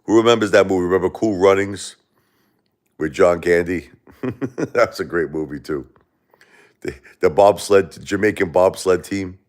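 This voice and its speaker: Deep-voiced man rambling on a livestream. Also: measured pace, pauses often. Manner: rambling, profane, joking with chat. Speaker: livestream host. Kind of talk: casual livestream chat reading comments.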